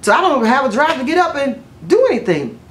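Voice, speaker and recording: A middle-aged woman, telling stories to camera in a chatty, expressive way and often saying "y'all.". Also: sits high, brisk. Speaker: vlogger. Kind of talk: casual storytelling to camera.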